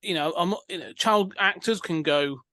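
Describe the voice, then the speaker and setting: A man with a fairly high voice talks through a film on a podcast. He rambles and circles back, full of ums and restarts. The sound is close and dry, with no room in it. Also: moderate pace, bright, forceful tone, dry recording. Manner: rambling, hesitant, many fillers and restarts. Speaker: podcast co-host. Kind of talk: casual film discussion.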